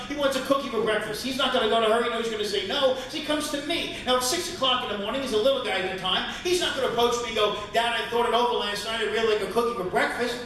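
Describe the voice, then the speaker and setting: A man's voice: extremely high pitch, sharp tone, far from the mic, a little hiss or hum. A man doing a stand-up comedy routine, ranting in a brash, profane, mocking way on a club stage. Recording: echoey live club recording from afar. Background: audience ambience.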